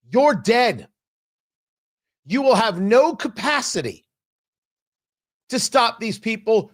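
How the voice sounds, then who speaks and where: A man hosting a political talk show, giving opinionated commentary and acting out quotes with sudden loud outbursts. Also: very high voice. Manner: animated, acts out quotes with sudden loud shouts.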